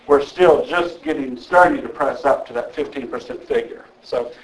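A man's voice: medium pitch, moderate pace, rough recording. An older man gives an evening lecture to an audience in a conversational way, often checking in with the room. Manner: conversational, with frequent "okay?" check-ins.

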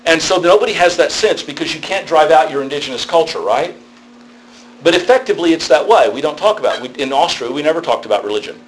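The pastor's voice sits a little high here, still fast, with poor audio and some background noise. He keeps his theology lecture conversational, telling stories with energy and asking tag questions to check on his audience.

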